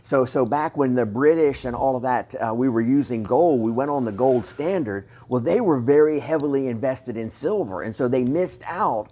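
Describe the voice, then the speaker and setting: Brief: male host, mid-pitched, rambling and emphatic, repeats words, casual. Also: lively intonation, moderate pace, few pauses, dark tone. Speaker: bullion dealer host. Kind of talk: casual chat.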